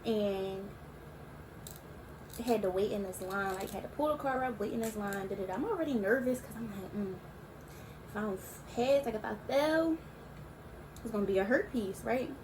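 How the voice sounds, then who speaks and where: This YouTuber, a young adult woman in her early twenties, chats casually through a storytime, relaxed and slangy with long, drawn-out asides. Her pitch is medium, and there is background noise behind her.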